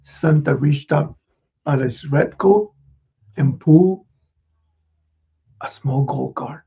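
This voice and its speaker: A man telling a story to children in an animated way, gasping and speaking to his young listeners. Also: on the high side, slow pace, vocal fry, breathy edge. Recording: dull lo-fi recording.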